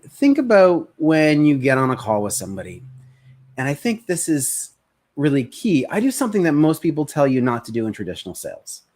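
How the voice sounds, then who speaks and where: An energetic male sales coach talks straight to a webcam on a live stream. He speaks casually, at a middle pitch, and slips into short impressions of tired customers to make his points. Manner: energetic, conversational, acts out prospects' voices.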